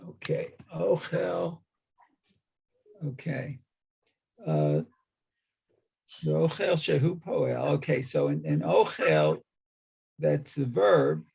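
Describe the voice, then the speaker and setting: Slow, gravelly man in his sixties. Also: a little high, very animated, a little mellow. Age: 60s. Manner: slow, halting reading with frequent okays. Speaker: student. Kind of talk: reading and discussing a text with a teacher.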